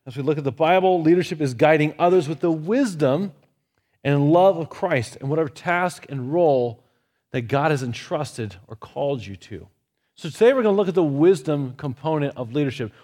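Man, slightly high voice, relaxed Bible study teacher who is anecdotal and lightly humorous.

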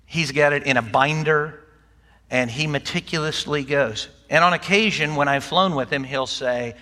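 A higher-pitched, pushed and bright voice belongs to an older pastor preaching at a moderate pace. He addresses his congregation in a homey, conversational way with light humor, and the sanctuary adds long hall reverb.

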